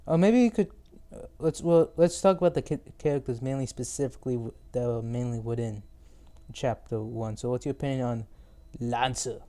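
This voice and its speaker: A man's voice: mid-range voice, moderate pace, warm tone. A teenage male podcast host in casual chat, rambling and teasing, often losing his thread mid-sentence.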